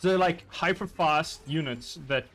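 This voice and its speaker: A man chatting casually while gaming, animated and swearing freely. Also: a little high, measured pace. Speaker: streamer playing a game.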